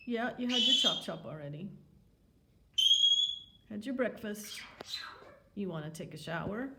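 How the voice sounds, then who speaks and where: A woman's voice: mid-range voice, lively intonation, moderate pace, pauses often. A woman in her home talking baby talk to her pet bird in a coaxing, sing-song way. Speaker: pet owner. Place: home, indoors. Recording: roomy with loud background noise.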